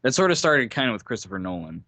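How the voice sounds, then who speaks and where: A young man co-hosts a relaxed podcast chat in a mid-range voice. He laughs often and repeats words as he sorts out his thoughts. The recording is dry and close. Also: medium pitch, fast talker, no echo. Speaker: podcast co-host. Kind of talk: casual chat.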